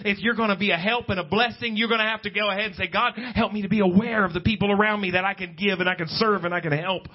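A man preaching a sermon at a church service, talking conversationally and climbing in pitch when he stresses a point. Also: fairly even intonation, fast, few pauses. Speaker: pastor. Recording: dull lo-fi church recording with faint guitar.

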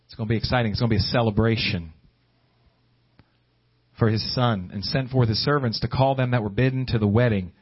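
A man preaching a sermon, swinging between high pleading exclamations and low hushed asides. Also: fairly quick, pauses often, breathy edge. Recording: dull lo-fi recording.

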